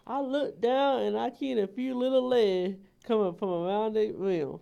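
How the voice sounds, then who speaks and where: A man's voice: high-pitched, normal speed, creaky, few pauses, warm tone, clear, resonant tone. A man with a Texan accent co-hosting a talk show, cracking jokes as he reads out odd news stories. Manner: wisecracking, laughs while reading out news stories. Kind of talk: casual joking chat.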